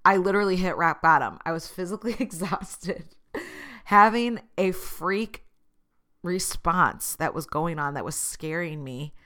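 A woman's voice: on the low side, measured pace, pushed and bright. A woman talking through her thoughts in a casual, earnest vlog monologue, laughing at herself now and then. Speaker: vlogger.

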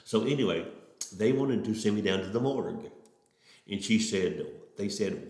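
A man's voice: on the low side, moderate pace, a little mellow. Folksy preacher telling his testimony. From Oklahoma. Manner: folksy, earnest, repetitive starts. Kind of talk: testimony storytelling. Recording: roomy echo.

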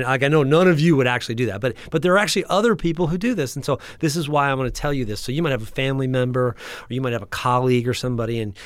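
A man host coaching an audience in an energetic teaching talk, often checking in with his listeners and restarting his sentences. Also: medium pitch, dry recording. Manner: frequent restarts and repeated words. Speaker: practice growth coach and podcast host.

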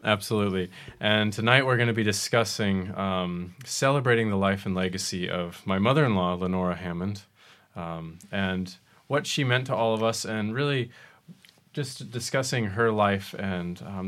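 A young adult man hosting a podcast conversation, affirming and unhurried, with frequent soft fillers. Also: fairly low pitch. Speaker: podcast host. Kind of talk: hosted conversation.

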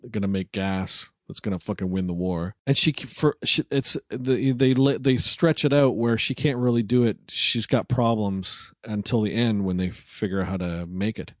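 A man's voice: fairly low pitch, dry recording, clean studio sound. Sarcastic, rambling man reviewing a movie. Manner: rambling, sarcastic, swears freely. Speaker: podcast co-host. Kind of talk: casual movie review chat.

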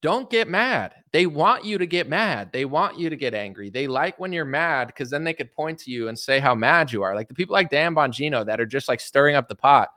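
A man's voice: a little high, expressive, a little fast, few pauses, bright, forceful tone, no room sound, clean studio sound. A young man ranting casually about politics, rambling and sarcastic, often breaking into silly mocking voices. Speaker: political commentary host.

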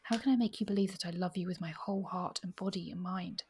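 A woman reading aloud as a blunt, ardent middle-aged male suitor, in a hushed low-key voice. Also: steady tone, quick pace, breathy edge.

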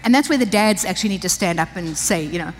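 Here the older woman sounds fairly low in pitch, expressive and quick as she preaches. She is the pastor's wife, addressing women in church with an emphatic, conversational style. There's a touch of background noise over long hall reverb.

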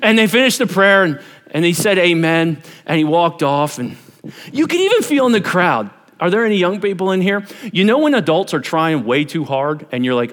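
A man in his forties preaching a sermon, telling stories with acted-out quotes and dropping to a hush for emphasis. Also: high-pitched, normal speed, in a large hall. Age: 40s. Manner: animated storytelling, acts out quotes, drops to hushed emphasis. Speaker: pastor.

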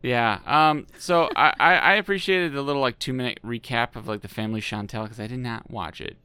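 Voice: mid-range voice, a little fast, sharp tone, clean tone, no room sound. A podcast co-host chatting casually, cracking crude jokes and laughing often. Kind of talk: casual chat.

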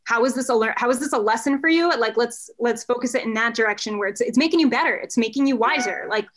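A woman's voice: fairly high pitch, fast, fairly bright tone. A woman coach who works with men, talking candidly in a casual podcast conversation and swearing often.

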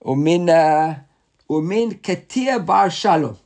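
A man leads a text study class, reading each passage aloud and then explaining it in plain, casual words. His voice sits a little high, and he stumbles and restarts as he goes. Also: expressive, takes it slowly, darkish tone, a little hiss or hum. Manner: restarts often, reads Hebrew and Aramaic then paraphrases casually. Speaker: Torah teacher.

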